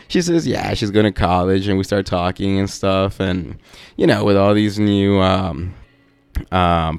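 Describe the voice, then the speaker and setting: A young man hosting a podcast tells a rambling story in a laid-back, profane way, with lots of fillers. His voice is deep and smooth, with no room sound.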